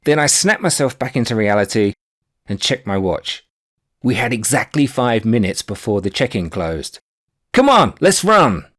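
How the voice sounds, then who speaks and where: Lively man narrating his audiobook. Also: fairly low pitch, normal speed. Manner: animated, wry storytelling. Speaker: author narrating his own book. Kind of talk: audiobook narration of a personal anecdote.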